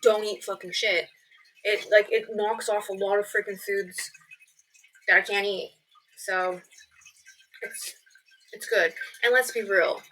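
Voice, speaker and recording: A woman's voice: medium pitch, steady tone, measured pace, long pauses, fairly bright tone, rough recording. A young woman telling stories in a casual vlog, chatty and swearing freely with lots of "like" fillers. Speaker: vlogger. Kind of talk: casual storytelling chat.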